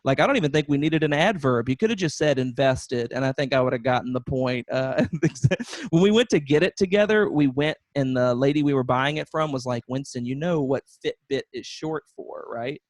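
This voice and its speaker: A man's voice: mid-range voice, animated, brisk, dry recording, studio quality. A young man doing a self-mocking, profane stand-up set over a video call, laughing at his own jokes. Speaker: stand-up comedian.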